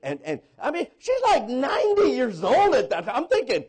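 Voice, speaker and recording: A male pastor delivering a sermon, swinging between loud exclaiming and hushed asides as he acts out quoted voices. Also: very high-pitched, wildly swooping pitch, moderate pace, slightly rough.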